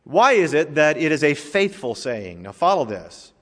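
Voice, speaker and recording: A man's voice: fairly high pitch, big pitch swings, normal speed. A male pastor preaching a sermon in a conversational, joking way, in a church sanctuary. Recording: long reverb of a large hall.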